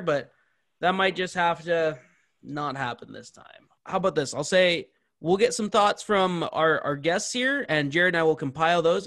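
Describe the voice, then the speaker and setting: A man's voice: on the high side, fairly bright tone. A tired man hosting a sports podcast, joking and steering the casual chat. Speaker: podcast host.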